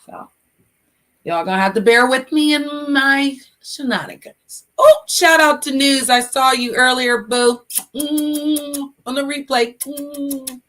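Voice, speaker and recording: A middle-aged woman hosting a casual livestream, chatty and emotional, giving shout-outs to her chat. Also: high voice, a little slow. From United States. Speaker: livestream host.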